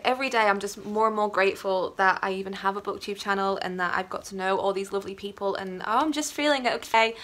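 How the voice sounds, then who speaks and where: Gushing bright-voiced young woman. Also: a little high, a little hiss or hum. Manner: gushing, effusive and rambly. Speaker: booktuber. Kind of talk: casual vlog chat.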